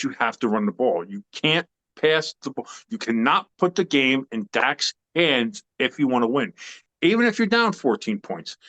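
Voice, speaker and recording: Male sports podcast co-host, mid pitch, opinionated, emphatic, rambling. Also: fairly bright tone. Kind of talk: casual sports talk.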